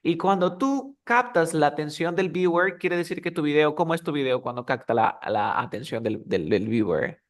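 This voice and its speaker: A man teaches English over a video call and slips between both languages as he explains. His voice sits a little high, and he acts out small example dialogues to show each phrase. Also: animated, fairly quick, few pauses. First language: Spanish. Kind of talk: online English lesson.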